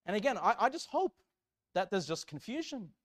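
Aussie preacher guy, high voice that jumps all over, gets loud then drops quiet. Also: big pitch swings, normal speed. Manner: emphatic, swings from loud fervor to quiet asides. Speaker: pastor. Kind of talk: sermon.

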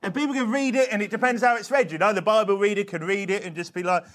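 A man preaching a sermon, dropping to quiet asides and then shouting scripture. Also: high-pitched, quick pace, few pauses. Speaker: pastor.

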